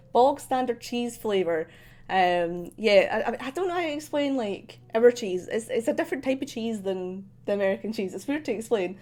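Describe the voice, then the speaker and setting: Chatty woman with a soft Scottish accent. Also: fairly high pitch, lively intonation, normal speed, soft background music. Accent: central Scottish, softened posh. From Scotland. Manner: rambling, many ums and likes, laughs often. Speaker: streamer. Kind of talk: casual chat while drawing.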